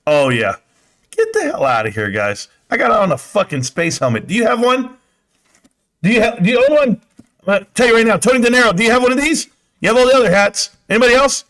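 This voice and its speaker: A man's voice: sits high, very animated, a little fast, fairly bright tone. A man hosting a livestream, chatting casually and reading comments in a brash, profane way, laughing often. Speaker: livestream host.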